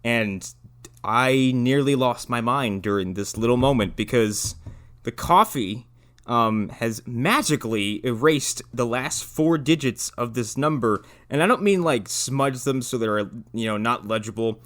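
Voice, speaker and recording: Male co-host, mid-pitch, lively intonation, exasperated profane rants. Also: measured pace. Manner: incredulous, profane, builds to exasperated questions. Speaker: podcast co-host. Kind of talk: casual movie-riffing chat.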